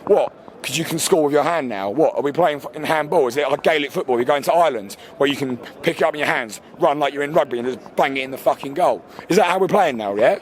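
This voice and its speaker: A man's voice: on the high side, quick pace. A man, ranting furiously and swearing as a football fan outdoors after a match. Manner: furious, sweary, shouting over himself. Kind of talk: angry fan rant.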